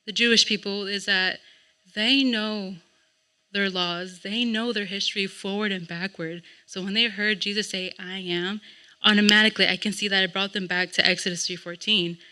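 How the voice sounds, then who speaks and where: Very bright-voiced woman teaching Bible class. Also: medium pitch. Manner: earnest, poses rhetorical questions. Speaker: Sabbath school teacher. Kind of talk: church Bible lesson.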